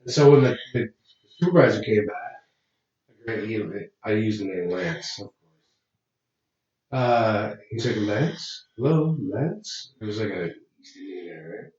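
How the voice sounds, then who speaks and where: Man, animated storyteller, casual podcast chat, roomy echo, dull lo-fi sound. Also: fairly low pitch, a little slow, long pauses, recorded from a distance. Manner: animated storyteller, acts out prank calls, swears freely. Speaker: podcast co-host.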